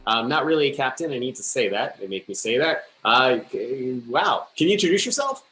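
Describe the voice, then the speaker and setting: A fussy, awkward male interviewer on a space station, played by a man who rambles and keeps checking "all right?". His voice has an ordinary middle pitch. It rings out in a roomy stage sound, with faint music underneath. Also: sing-song, brisk, fairly bright tone. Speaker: host of the sketch. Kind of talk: live improv comedy.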